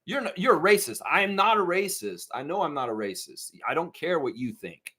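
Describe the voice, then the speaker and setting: Man, live stream host, casual commentary, lively pitch swings, mocking outbursts. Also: fairly quick, husky. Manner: animated, swings into mocking impressions and shouts; reads and answers viewer chat.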